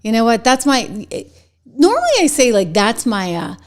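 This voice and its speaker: A woman with a New England accent hosting a commentary show, talking in a chatty, animated way and laughing between points. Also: fairly high pitch, normal speed. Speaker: show host. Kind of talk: commentary with a sponsor read.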